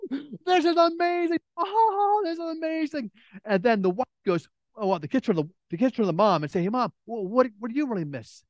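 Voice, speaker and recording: Recorded dry with the highs cut off, a middle-aged man preaches in a high voice. This pastor's sermon is built on stories, and he animatedly performs the voices of each character.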